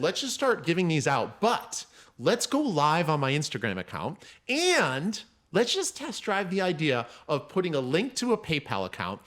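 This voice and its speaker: A man guesting on a podcast, telling a story in casual chat and acting out the people he quotes. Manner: animated, acts out quoted people with raised pitch. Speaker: podcast guest, mindset coach.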